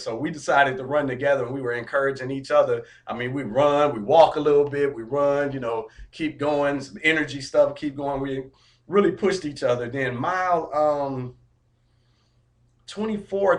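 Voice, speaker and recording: A man vlogging a casual update, telling his story in an upbeat, motivational way, with a mid-pitched voice. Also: fairly bright tone.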